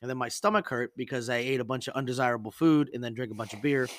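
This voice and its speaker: Bright-voiced, foul-mouthed young man. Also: medium pitch, fast talker, no echo. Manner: profane, rambling storyteller. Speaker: podcast host. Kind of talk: casual chat.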